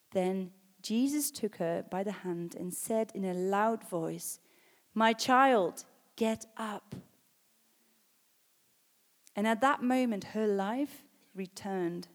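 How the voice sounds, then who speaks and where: A woman delivering a sermon, reading scripture aloud and pressing her points with rising, emphatic calls. Her voice sits mid-range and carries a long reverb from the hall around her. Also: medium pitch. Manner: builds to loud emphatic exhortations. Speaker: preacher.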